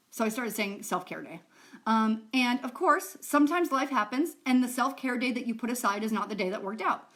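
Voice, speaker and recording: A woman's voice: on the high side, a bit bright. A woman who is a self-help coach, teaching in a chatty, rambling way to camera, swearing casually now and then.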